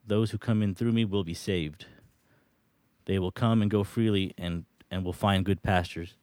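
A man with a very deep voice reads Bible verses aloud to a small group, pausing to ask them questions. The recording is dry, with little room sound. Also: fairly even intonation, darkish tone, no room sound. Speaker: Bible study leader. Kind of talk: reading scripture and preaching.

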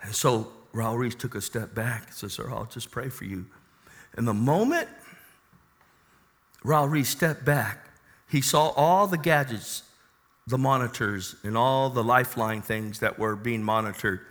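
A male pastor preaching a sermon who swings from quiet storytelling to loud, joyful exclamations. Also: medium pitch, animated, a little slow, long reverb tail.

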